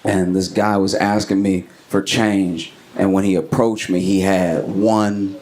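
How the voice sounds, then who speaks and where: A man performing an animated stand-up comedy set on a club stage, acting out the people in his stories. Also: measured pace. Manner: animated storytelling, acting out voices, pitch swings up and down. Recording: live club recording with clear audience noise. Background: audience laughter.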